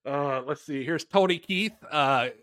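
A man's voice: fairly high pitch, slow, a bit bright. A man co-hosting a film podcast in casual chat, joking and laughing, in an echoey room. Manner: joking, laughing, hesitant fillers. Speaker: podcast co-host. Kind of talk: casual chat, reading reviews aloud.

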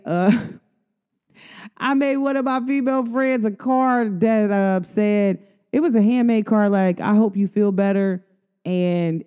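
A woman with a mellow, warm tone and a smooth, clean voice talks through a casual podcast monologue. She is earnest and loose, full of slang and "like" fillers. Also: mid-range voice. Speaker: podcast host. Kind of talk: casual spiritual talk.

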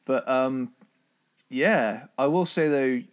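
Man, hoarse voice, casual metal podcast chat, enthusiastic, mid pitch. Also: takes it slowly. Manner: enthusiastic, imitates drum sounds. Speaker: podcast co-host.

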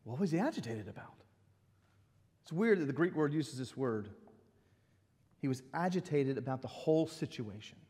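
Animated preaching man in a reverberant hall. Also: mid-range voice, moderate pace, long pauses. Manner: animated, conversational preaching with asides. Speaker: pastor. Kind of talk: sermon.

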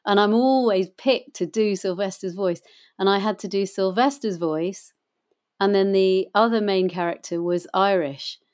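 In a relaxed interview, a middle-aged woman guest who reads audiobooks and does voice acting tells meandering, filler-heavy stories. Her medium-pitched voice has a darkish tone and a measured pace.

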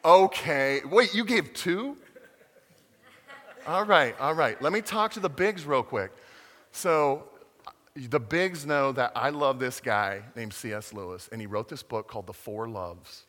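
A man's voice: mid-range voice, a little slow, fairly bright tone, big-room sound. A man giving a playful, interactive sermon to children and adults at church, drawing the audience in with questions. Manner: playful, interactive, acts out voices. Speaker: children's pastor. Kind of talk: animated family sermon to kids and adults.

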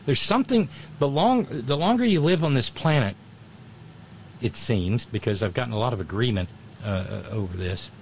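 A man's voice: medium pitch, animated, moderate pace, slight background noise. A middle-aged man, casually chatting and reading viewer comments, rambling with many restarts and wry asides. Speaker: livestream host.

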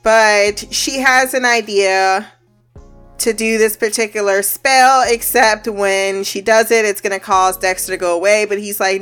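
Smooth-voiced woman recapping, blunt and profane. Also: medium pitch, moderate pace, fairly bright tone, soft background music. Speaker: TV episode recapper. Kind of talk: casual episode recap.

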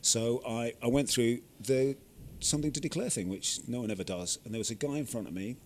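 A man's voice: mid-range voice, brisk, a little hiss or hum. A man in his sixties from Yorkshire, a guest telling anecdotes in casual chat with a dry, self-mocking manner. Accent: none, trained out at stage school. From Yorkshire, England. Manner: dry, self-mocking storyteller who acts out other voices.

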